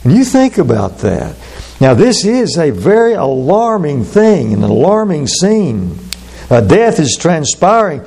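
Gravelly preacher man. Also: on the high side, a little mellow. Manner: measured, drawn-out delivery with sudden fast asides. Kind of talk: sermon.

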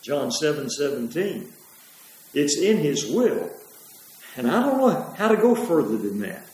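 Male preacher, high and animated, emphatic repetition, booming hall echo. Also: unhurried. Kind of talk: sermon. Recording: very echoey hall.

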